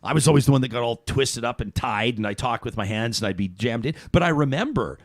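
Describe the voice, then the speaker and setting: A middle-aged Canadian man hosting a talk radio show, animated and chatty, reading listener comments and laughing often. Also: medium pitch, quick pace, dry recording, clean studio sound.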